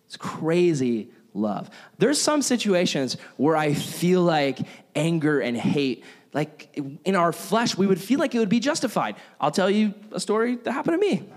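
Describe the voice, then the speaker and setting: A young man delivering a relaxed, conversational sermon as a pastor. He tells personal stories with animated energy and acts out his own reactions. His voice sits a little high and swings widely in pitch. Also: a little slow.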